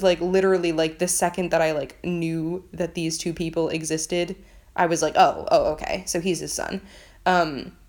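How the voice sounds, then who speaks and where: A young woman vlogging a casual book review, rambling with lots of fillers and frequent swearing. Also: lowish voice.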